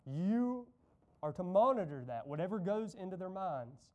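A man's voice: high voice, very animated, moderate pace, a little mellow, highs cut off. A man preaching a conversational sermon in a church, telling stories and making casual asides to the congregation. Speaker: pastor. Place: church sanctuary.

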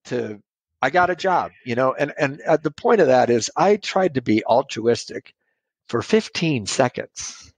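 A man's voice: medium pitch, animated, unhurried, slightly rough, no room sound. A man telling his sobriety story in a rambling, self-deprecating way, laughing at his own jokes. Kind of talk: casual storytelling.

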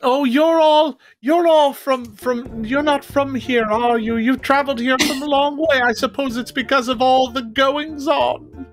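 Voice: high voice, fairly even intonation, unhurried, few pauses, soft background music, pitched above the performer's own voice. A game master voicing a doting elderly woman who hands out candy to travelers. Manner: doting, grandmotherly.

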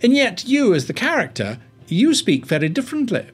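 A man's voice: high-pitched, wildly swooping pitch, a little fast, husky, faint music behind. A man giving a rambling, think-aloud tutorial on tabletop game mastering, with frequent restarts.

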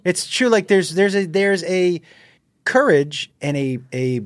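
A man's voice: high voice, expressive, measured pace, no echo, clean studio sound. A male comedian guest talking earnestly, often stopping to correct his choice of words. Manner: earnest, searches for words, restarts sentences. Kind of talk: casual chat.

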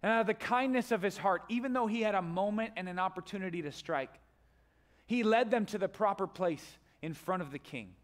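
A man preaching a sermon in a noticeably high voice. He tells the story with animated energy and breaks into sudden loud, high-pitched outbursts when he acts out the characters. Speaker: pastor. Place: church stage.

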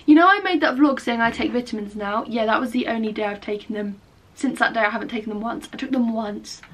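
A young English woman vlogs in casual chat at night, tired and low-voiced, often self-mocking and swearing, and she sometimes bursts into snatches of song. Her voice is on the high side and her pace is quick.

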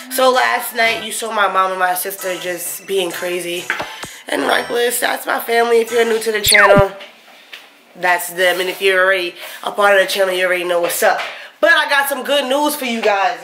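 A woman's voice: mid-range voice, moderate pace, echoey room, background noise. A woman vlogger talking to her viewers in loose, slangy casual chat, cursing freely.

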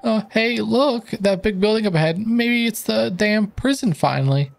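A man voicing an excitable, nervous young male bandmate while reading game dialogue aloud. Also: sits high, moderate pace, gravelly, pitched above the performer's own voice. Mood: jittery.

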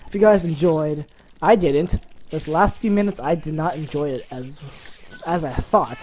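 A woman hosting a gaming channel, giving excitable let's-play commentary and reacting loudly to what happens on screen. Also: low voice, normal speed, faint music behind.

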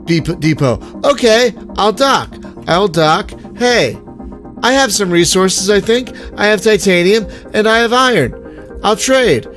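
Frustrated man ranting over gameplay, high animated voice, unhurried, sick and tired, faint music behind. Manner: frustrated, swearing, sighing, ranting at the game. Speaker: let's play gamer. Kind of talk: casual gameplay commentary.

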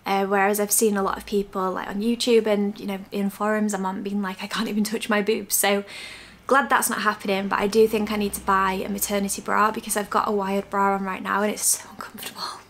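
A young British woman talks straight to camera in a relaxed vlog. She chats quickly, laughs easily and sounds a little short of breath between sentences. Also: medium pitch. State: slightly out of breath. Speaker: vlogger. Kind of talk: casual pregnancy update vlog.

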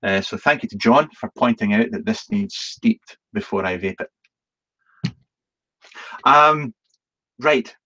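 A man rambles through a casual live Q&A stream, stumbling over restarts and filling pauses with ums. He is chatty and self-deprecating and swears now and then, at a middling pitch. The stream audio sounds dull and lo-fi. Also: animated, sharp tone. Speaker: vlogger hosting a live Q&A.

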